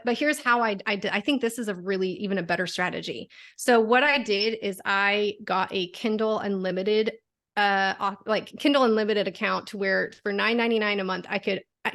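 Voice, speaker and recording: A woman's voice: fairly high pitch, bright, forceful tone. A woman guest on a podcast, talking casually with many fillers and restarts. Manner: chatty, uses many fillers. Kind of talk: casual interview chat.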